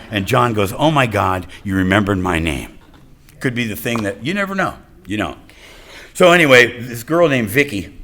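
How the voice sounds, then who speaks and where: A middle-aged man telling his recovery story to a meeting, in lively storytelling with self-mocking humor that swings from quiet to loud. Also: lowish voice. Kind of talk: personal recovery talk to a meeting. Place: meeting room with audience.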